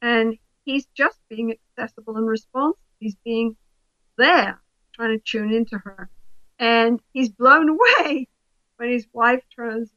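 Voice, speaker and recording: Woman therapist, higher-pitched and bright; animated interview explainer who acts out the voices in her examples; dry, lo-fi recording. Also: a little slow, dry recording. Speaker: couples therapist.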